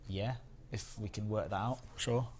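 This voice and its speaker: With a steady tone and a slightly mellow, lower-register voice, this man from England speaks at normal speed in a Northern English accent. He hosts an easygoing gaming live stream, rambling and reading out viewer comments, over a faint hiss or hum.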